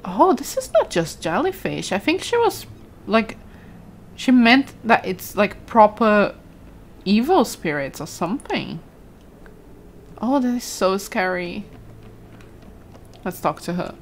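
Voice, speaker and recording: A woman's voice: mid-range voice, very animated, slight background noise. Chatty woman streamer. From Brazil. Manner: chatty, quick to exclaim, reads chat aloud. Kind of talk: casual gameplay commentary.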